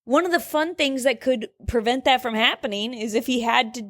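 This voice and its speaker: A woman co-hosting a podcast in casual chat, animated and swearing freely as she talks. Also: a little high, fairly quick, no room sound, clean studio sound. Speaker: podcast co-host.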